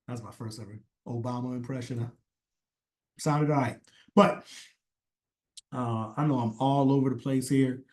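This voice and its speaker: A man's voice: medium pitch, fairly even intonation, normal speed, pauses often, darkish tone. A man ranting in a casual, rambling way, swearing often and stressing his points hard. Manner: rambling, profane, emphatic. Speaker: commentator. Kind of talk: casual opinion rant.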